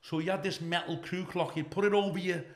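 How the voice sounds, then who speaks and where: A man's voice: high-pitched, steady tone, brisk, reverberant. An older man with a Liverpool accent, a comedian telling brash, profane stories in a casual interview. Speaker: comedian, guest.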